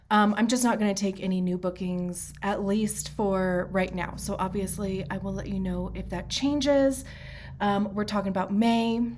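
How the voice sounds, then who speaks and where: Slow-talking stuffy-nosed woman reading tarot. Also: medium pitch. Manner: chatty, with frequent fillers and self-interruptions. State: stuffy nose. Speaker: tarot reader. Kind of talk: casual tarot reading vlog.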